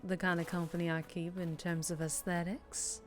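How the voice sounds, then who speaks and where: A woman putting on a breathy Southern drawl. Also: on the low side, normal speed, faint music behind, natural voice. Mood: gentle. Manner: relaxed, lackadaisical drawl. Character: relaxed, kind, humble Southern woman.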